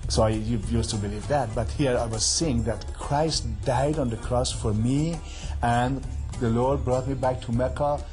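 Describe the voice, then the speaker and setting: Accented guy telling his faith story, earnest, mid pitch, bit of music faint behind. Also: unhurried, darkish tone. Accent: Middle Eastern. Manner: earnest, non-native phrasing, retells dialogue. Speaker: guest giving a testimony. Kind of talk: personal testimony.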